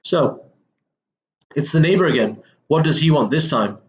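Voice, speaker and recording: With a medium-pitched voice at normal speed and long pauses, a male English teacher walks students through a textbook lesson in a relaxed recording, often using fillers and correcting himself. The audio sounds dull.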